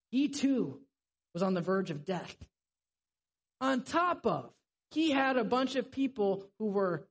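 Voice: medium pitch, creaky, husky. A preacher giving a sermon in a conversational, vivid storytelling way.

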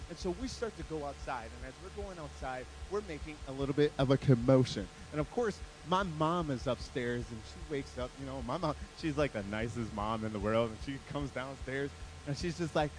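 A man's voice: medium pitch, lively intonation, a little fast, low-quality recording. A man delivering a sermon as a guest speaker, telling a story animatedly and acting out characters.

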